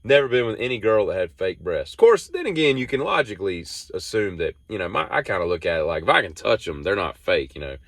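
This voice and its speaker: A man's voice: on the low side, very animated, fast, hardly any pauses, a bit bright, dry recording, clean studio sound. A man, hosting a rambling solo monologue and telling off-the-cuff stories that wander. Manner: meandering, off-the-cuff storytelling. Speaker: host.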